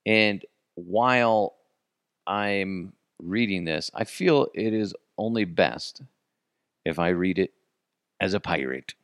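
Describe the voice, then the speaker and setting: A man's voice: low-pitched, slow pace, fairly bright tone, no echo, studio quality. A man hosting a podcast, talking casually and rambling offhand, with frequent restarts. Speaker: podcast host. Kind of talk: casual solo commentary.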